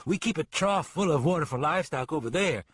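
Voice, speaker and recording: A man's voice: on the high side, animated, fairly quick, a bit bright, breathy edge, dry recording, clean studio sound, voice pushed up. A man voicing a timid, polite laborer who keeps a well.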